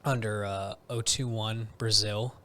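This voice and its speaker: A man's voice: fairly low pitch, steady tone, measured pace, a bit bright. A man in casual podcast chat, talking candidly and running himself down, with "dude" and "man" dropped all through his sentences. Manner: candid, self-deprecating, drops "dude" and "man" often.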